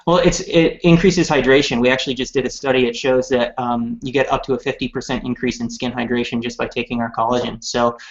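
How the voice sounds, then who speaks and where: Through dull, lo-fi stream audio, a man in his 30s talks fast with few pauses, his mid-range voice keeping a fairly even intonation. He's a company rep on a live show, chatting about products in a relaxed, upbeat style packed with fillers.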